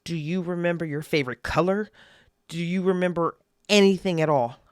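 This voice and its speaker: Player voice, smooth and dry, mid pitch, intent and questioning. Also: dry recording. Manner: quick questions, intent, planning actions aloud. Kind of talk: in-character roleplay in a horror game.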